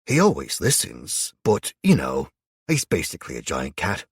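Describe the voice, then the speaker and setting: A man's voice: sits low, wildly swooping pitch, normal speed, husky, no echo, studio quality, heavily acted. A man voicing a cheerful, easygoing young male friend in an audiobook, casual in manner.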